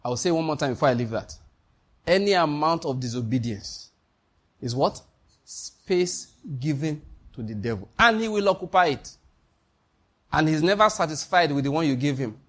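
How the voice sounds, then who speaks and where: Husky Nigerian preacher man. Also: fairly high pitch, animated, moderate pace, long pauses. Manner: emphatic, repeats key lines, quizzes the listeners. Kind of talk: sermon.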